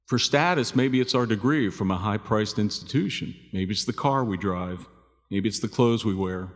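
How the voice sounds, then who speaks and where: A man's voice: lowish voice, normal speed. A man preaching a sermon as pastor, talking conversationally and asking his listeners rhetorical questions. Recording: long hall reverb.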